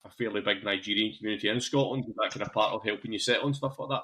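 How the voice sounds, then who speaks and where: A man's voice: on the low side, racing, bright, forceful tone. A man hosting a podcast and asking long, rambling questions full of fillers. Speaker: podcast host, interviewer. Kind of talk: casual interview chat.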